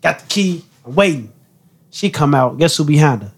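A young man telling a story in casual chat, animated and profane, acting out what people said. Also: fairly high pitch, moderate pace, breathy edge. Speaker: podcast host telling a story.

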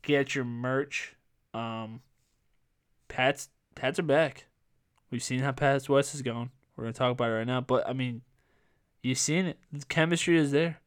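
A man's voice: medium pitch, moderate pace, long pauses, clean tone. Casual young man rambling on a sports podcast. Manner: rambling, filler-heavy, self-correcting. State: voice going hoarse. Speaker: podcast host.

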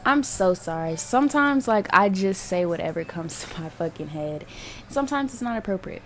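A woman's voice: mid-range voice, lively intonation, normal speed, slight background noise. A young woman hosting her own podcast, talking candidly and rambling with lots of fillers and swearing. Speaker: podcast host. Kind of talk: casual solo podcast monologue.

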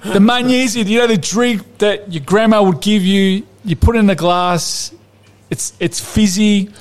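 Animated high-voiced man ranting. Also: measured pace. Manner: animated, theatrical, peppered with Italian exclamations. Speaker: podcast co-host. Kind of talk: casual football podcast rant.

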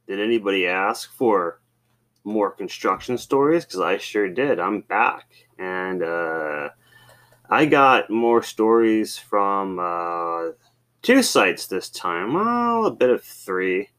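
Low-voiced man telling casual stories. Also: takes it slowly. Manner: rambling, with many fillers and animated swings. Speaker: podcast host. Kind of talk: casual storytelling.

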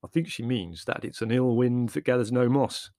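A man's voice: mid-range voice, normal speed, warm tone, no echo, studio quality, natural voice. A man voicing a blunt, offhand young man in an audiobook. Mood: wry.

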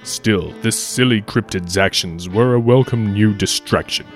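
A man giving a measured, solemn recitation of a spooky rhyming poem. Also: fairly low pitch, soft background music. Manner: measured, solemn storytelling delivery. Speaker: podcast co-host reciting a poem.

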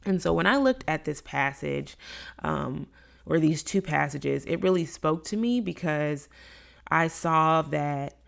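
Low, gravelly-voiced woman teaching Scripture. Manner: conversational, acts out quoted complaints in lively voices. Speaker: Bible study teacher. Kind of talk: casual Bible teaching.

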